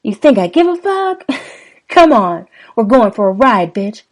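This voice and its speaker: A woman's voice: a little high, sing-song, a little slow, voice pushed up. A woman playing a sneering, drunk young man. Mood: menacing. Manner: sneering, mocking and profane. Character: drunk, menacing young man taunting his wife.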